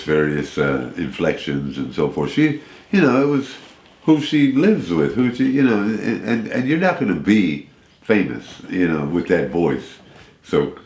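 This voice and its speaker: A man telling stories as a guest in a radio interview, rambling and animated, often restarting his sentences. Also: low-pitched, reverberant.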